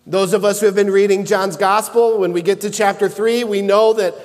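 A man preaching a sermon, earnest and measured, building to emphatic shouts at key points. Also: sits high, fairly even intonation, big-room sound. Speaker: pastor.

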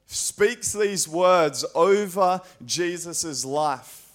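Australian male preacher, mid pitch, earnest and chatty delivery, church setting. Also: unhurried. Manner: conversational, earnest, frequent fillers. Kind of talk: sermon.

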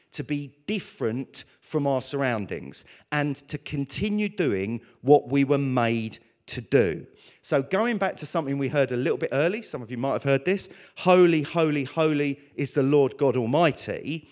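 A man preaching a sermon, talking through scripture and acting out prayers and dialogue in an animated way. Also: medium pitch, normal speed.

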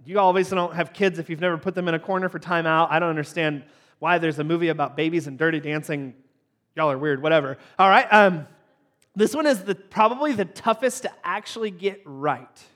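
High-voiced man teasing a live crowd. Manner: animated, jumps up in pitch when surprised. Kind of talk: playful sermon opening with audience participation.

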